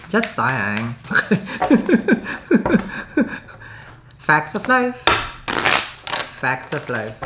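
A woman's voice: sits low, noisy background. A woman giving a casual tarot reading to camera, chatty, often checking in with "okay?" and laughing. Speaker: tarot reader.

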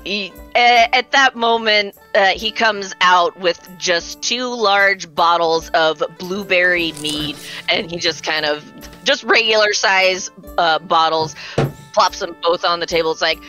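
A woman's voice: lowish voice, measured pace, sharp tone, soft background music. A woman narrating a tabletop game as game master, hesitant and full of fillers.

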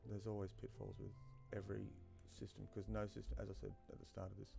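A man's voice: on the low side, monotone, fairly quick, gravelly. A man giving casual, rambling commentary while playing a game, with many fillers and asides to himself. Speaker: gaming YouTuber. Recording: faint game music behind.

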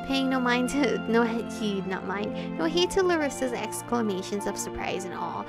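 A woman's voice: on the high side, lively intonation, normal speed. A woman reading a visual novel aloud, giggling and stumbling over names, with music playing behind her.

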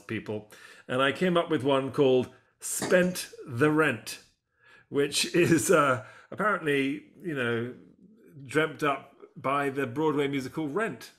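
A man's voice: on the high side, fairly bright tone. A man co-hosting a casual show, chatting and rambling with fillers. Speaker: podcast co-host. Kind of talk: casual chat.

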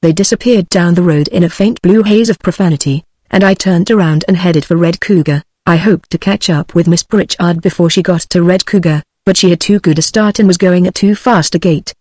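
A text-to-speech woman's voice with a British accent, reading a western story aloud, the dialogue in the same even voice. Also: lowish voice, no room sound. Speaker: narrator.

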